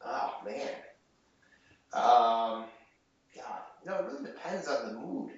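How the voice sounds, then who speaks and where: A man's voice: mid-range voice, expressive, slow pace. A man in his thirties, a chef, chatting on a podcast in a rambling way with lots of fillers and restarts. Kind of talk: casual podcast interview. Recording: dull, roomy, faint noise.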